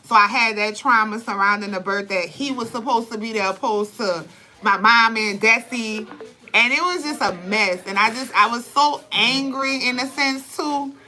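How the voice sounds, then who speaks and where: A young woman telling birth stories and giving advice in blunt, profane, animated casual talk. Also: fairly high pitch, moderate pace, slight background noise, low-quality recording. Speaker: vlogger, birth advocate. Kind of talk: candid casual talk to camera.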